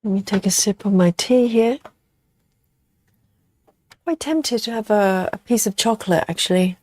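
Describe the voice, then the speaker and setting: A woman hosting a relaxed live cross-stitch stream, chatting casually with viewers as she stitches. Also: medium pitch, moderate pace, dry recording. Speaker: host of a cross-stitch livestream. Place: at home in the evening.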